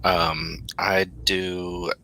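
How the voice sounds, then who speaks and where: A man's voice: low-pitched, level tone, extremely slow, bright, forceful tone, rough recording. A tired man, a guest author, chatting briefly and in a laid-back way on a livestream over a video call. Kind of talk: casual chat on a livestream.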